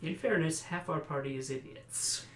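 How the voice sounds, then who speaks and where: A man's voice: on the high side, normal speed, fairly bright tone, slight background noise. Dry-humored man in an echoey room. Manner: dry, sardonic. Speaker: podcast co-host and player. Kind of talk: casual podcast discussion. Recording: roomy echo.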